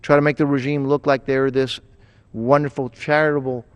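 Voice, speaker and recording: A man delivers a formal floor speech in a legislative chamber, pressing his points emphatically and often restarting a phrase mid-sentence. His voice sits at an ordinary middle pitch. The close sound is dry, but a long reverb trails off through the large hall. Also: flat delivery, normal speed, clean tone. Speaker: congressman giving a floor speech.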